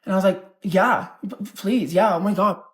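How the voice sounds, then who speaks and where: A woman's voice: mid-range voice, moderate pace. Chatty, profane young woman. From Denver, United States. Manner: chatty and profane, heavy filler words. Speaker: content creator. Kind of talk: casual storytime vlog.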